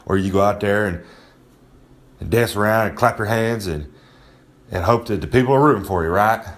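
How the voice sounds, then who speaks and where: A man's voice: fairly low pitch, normal speed. A man giving a casual, swaggering monologue of tips as a recurring segment presenter, talking loose and streetwise and repeating himself for effect. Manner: swaggering, loose, repeats "I'm just saying", streetwise slang.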